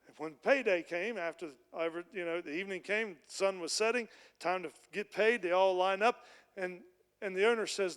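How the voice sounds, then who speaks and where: A man's voice: high-pitched, moderate pace, a bit bright, clear, resonant tone, in a large hall. A man preaching a sermon as a pastor, retelling a parable in plain, conversational storytelling. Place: church.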